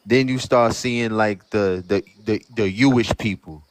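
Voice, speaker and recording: A man's voice: fairly low pitch, measured pace. A man from Brooklyn with a Brooklyn accent, calling in to a radio show and talking loosely with many fillers. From Brooklyn, New York. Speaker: caller. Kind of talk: casual phone-in chat.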